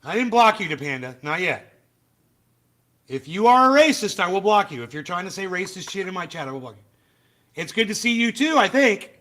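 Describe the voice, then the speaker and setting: A man's voice: high-pitched, big pitch swings, a little fast, bright, forceful tone. A man hosting a livestream, ranting bluntly and profanely and chatting with his viewers. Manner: chats with viewers in the live chat. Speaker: livestream host. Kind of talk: casual livestream rant.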